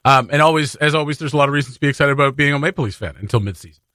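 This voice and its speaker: A man's voice: a little high, very fast, bright, forceful tone, no room sound, clean studio sound. A man co-hosting a radio show, chatting casually about hockey, chatty with lots of fillers and laughs. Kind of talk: casual sports chat.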